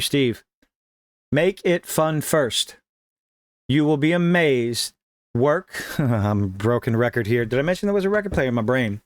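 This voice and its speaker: A man giving sarcastic, emphatic gaming news commentary with dramatic pauses. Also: mid-range voice, dry recording, clean studio sound. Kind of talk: opinionated online commentary.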